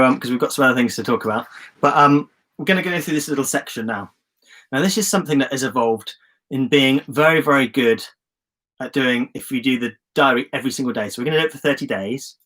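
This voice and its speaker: A man's voice: medium pitch, a bit bright. A man from England hosting a live online journaling session, chatty and encouraging, calling out viewers' comments with enthusiasm. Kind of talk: casual live-stream coaching. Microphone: phone or webcam on a live stream.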